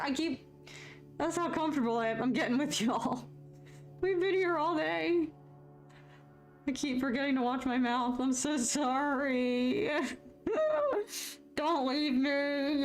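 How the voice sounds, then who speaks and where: A woman, chatting casually with her livestream viewers, laughing often and poking fun at herself. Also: fairly high pitch. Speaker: livestream host.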